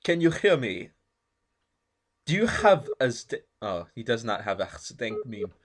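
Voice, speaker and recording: Young dude just chilling on a podcast call, easygoing chat, normal pitch. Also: male voice, big pitch swings, measured pace. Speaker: podcast co-host. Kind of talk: casual meme podcast chat.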